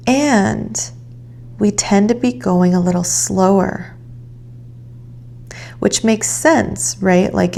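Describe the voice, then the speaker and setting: A woman giving a calm, reflective tarot reading, guiding the listener gently. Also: on the low side, creaky. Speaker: tarot reader.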